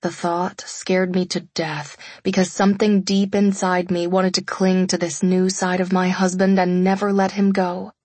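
Woman, audiobook narrator, first-person story, breathy, husky, dry close mic. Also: fairly low pitch, flat delivery, normal speed, few pauses, a little mellow, no echo.

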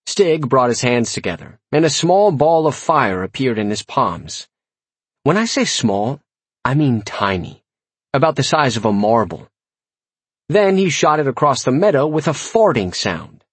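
A man reading a comic first-person audiobook with wry, lively storytelling. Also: medium pitch, breathy edge, dry recording. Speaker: audiobook narrator.

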